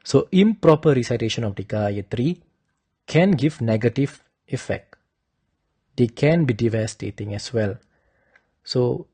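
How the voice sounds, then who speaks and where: A man slowly giving a lesson, carefully demonstrating correct pronunciation. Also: medium pitch, dark tone, slightly rough, no echo. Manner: slow and deliberate, demonstrating pronunciations. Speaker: teacher of Vedic chanting. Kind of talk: instructional talk.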